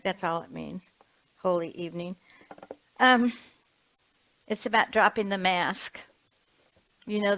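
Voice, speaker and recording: A woman's voice: medium pitch, a bit bright, poor audio. A woman in her seventies, a reverend, giving a chatty sermon with storytelling and laughs. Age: 70s.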